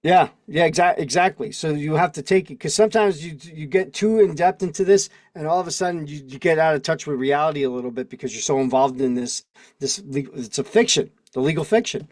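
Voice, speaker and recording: Heard over a video call mic, this livestream host preaches with one rhetorical question after another and responds to the chat in a casual way. His voice is fairly high and a little mellow, and he talks a little fast.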